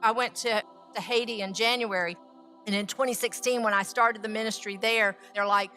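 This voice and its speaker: A woman who is a food scientist, teaching with lively stories and rhetorical questions. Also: mid-range voice, normal speed, faint music behind. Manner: animated, acts out quotes, asks rhetorical questions. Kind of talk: teaching talk with storytelling.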